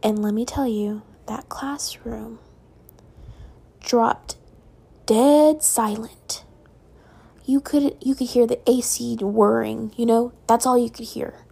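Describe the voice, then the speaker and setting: A woman's voice: a little high, steady tone, takes it slowly, gravelly, long pauses, dark tone, husky. A young woman telling a personal story in a casual, rambling way at home, full of "like" and "um".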